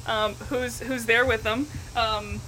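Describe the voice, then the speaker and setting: A woman with a high, bright voice chatting as a podcast co-host, recorded outdoors in a backyard. She laughs easily and slips into quick acted-out quotes of characters. Faint background noise runs under her voice. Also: steady tone, poor audio. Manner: laughs often, acts out characters in quick bursts. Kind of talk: casual chat recapping a TV episode.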